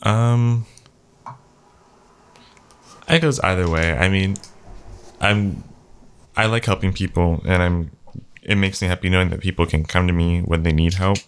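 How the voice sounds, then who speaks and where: Young man, very low voice, hesitant and halting, casual family chat. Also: fairly even intonation, a little hiss or hum. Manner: hesitant, thinks aloud with fillers. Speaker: guest. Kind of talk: casual conversation.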